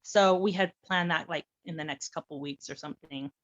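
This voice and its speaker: A woman's voice: low-pitched, brisk, dull audio. A woman casually telling her own adoption story, acting out the dialogue with lots of animation. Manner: animated, acts out quoted dialogue, laughs often.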